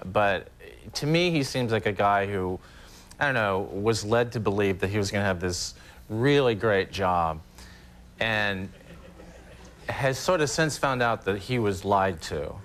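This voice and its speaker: A man, a comedian guest on a talk show, telling animated stories and slipping into voices. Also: lowish voice, a little slow. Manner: animated storytelling, slips into voices. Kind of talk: late-night talk show chat.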